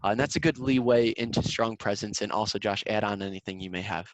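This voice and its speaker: Over a video call, a young man coaches students for a sales competition in an upbeat, casual manner, often repeating words as he goes. His voice is fairly low and quick, and the recording is dry with poor audio quality.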